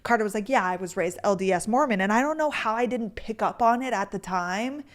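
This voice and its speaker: A young woman in her twenties hosting a podcast, telling a story in a chatty, animated, self-deprecating way. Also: medium pitch, fairly quick. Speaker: podcast host. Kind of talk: casual storytelling chat.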